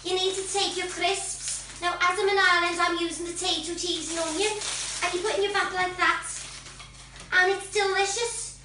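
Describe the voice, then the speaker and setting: A woman's voice: extremely high pitch, fairly even intonation, normal speed, roomy sound, noisy background. A woman playing an upbeat young Liverpool beauty contestant, breezy and chatty, in a Liverpool accent.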